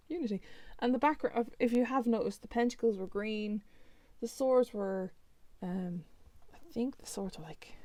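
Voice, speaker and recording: A woman's voice: medium pitch, a little mellow, no room sound. A woman casually flipping through a new tarot deck, naming each card and reacting with chatty remarks. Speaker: tarot reader reviewing a deck.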